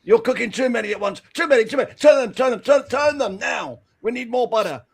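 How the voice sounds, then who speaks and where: A man's voice: lively intonation, fast, creaky, slightly rough, exaggerated voice. An older man voicing a frantic, bossy husband who nags and repeats his orders while telling a joke. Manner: shrill, nagging, repeats orders. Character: frantic bossy middle-aged husband shouting in the kitchen.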